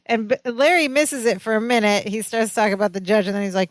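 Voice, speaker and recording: Higher-voiced woman co-hosting a chatty tv recap podcast, acts out the lines, dead dry mic. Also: brisk, dry recording. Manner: animated retelling, quoting characters. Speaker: podcast co-host. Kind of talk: casual chat recapping a sitcom.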